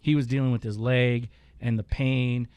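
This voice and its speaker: A man's voice: mid-range voice, little pitch movement, normal speed, darkish tone, clear, resonant tone, dry recording. A man hosting a casual chat, telling a long story with swearing and laughter. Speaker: podcast host.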